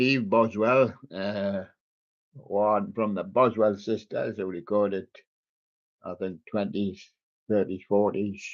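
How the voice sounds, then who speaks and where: A man hosting a livestream, chatting slowly and jokily as he reads out a list of old songs, with many ums and rambling asides. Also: on the low side, lo-fi sound. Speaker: livestream host reading out a music playlist. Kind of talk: casual running commentary between old songs.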